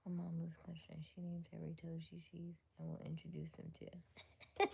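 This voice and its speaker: A woman hosts a casual livestream deep into the night, talking to viewers and reading answers aloud to them. Her voice sits low and sounds warm and relaxed. She laughs easily and often sinks into a hushed whisper. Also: measured pace, gravelly, long pauses, a little hiss or hum. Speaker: livestream host.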